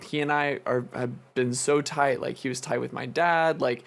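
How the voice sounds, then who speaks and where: Young male co-host, casual and rambling, drops swears, mid-pitched voice. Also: fairly even intonation, moderate pace, creaky. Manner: loose, rambling, swears freely. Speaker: podcast co-host. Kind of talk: casual chat.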